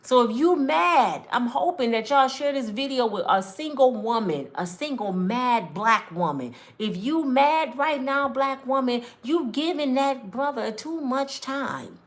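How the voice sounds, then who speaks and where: A woman delivers relationship advice like a street preacher. She is emphatic and conversational, often slipping into acted quotes. Her voice sits a little higher than most women's. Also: animated, a little slow, few pauses. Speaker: relationship mentor. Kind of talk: preachy monologue to camera.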